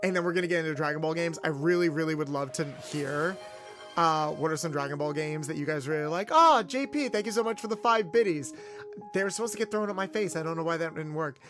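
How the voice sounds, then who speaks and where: Young male VTuber, casual and animated, light mechanic-persona patter, soft music bed. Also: on the high side, fast talker. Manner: chatty, animated, in-character garage mechanic patter. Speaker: VTuber streamer. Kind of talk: casual livestream chat.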